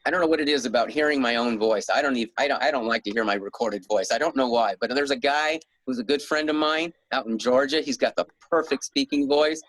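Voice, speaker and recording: A man's voice: mid-range voice, quick pace, few pauses, fairly bright tone, no echo, low-quality recording. A middle-aged man being interviewed as an author, rambling in a casual way with frequent chuckles and restarts. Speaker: guest author.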